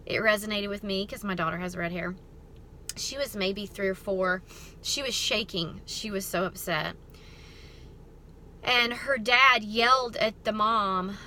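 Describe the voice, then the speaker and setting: A middle-aged woman, hosting a ministry talk and telling a story in a chatty, expressive way. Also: medium pitch, slight background noise. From American South. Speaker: ministry host. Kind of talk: casual storytelling talk to camera.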